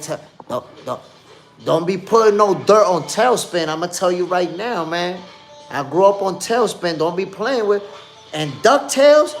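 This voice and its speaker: A man in his fifties hosts a live stream in a loose, slangy, animated way. He reminisces eagerly while answering the chat, and his voice sits a bit high for a man. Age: 50s. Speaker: boxing podcast host.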